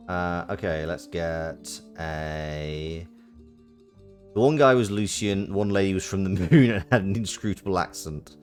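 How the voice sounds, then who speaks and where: A male game streamer talks in a deep, unhurried voice and mutters to himself as he works through each step. Casual live commentary plays over faint game music. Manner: muttering to himself while working through steps. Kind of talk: casual let's-play commentary.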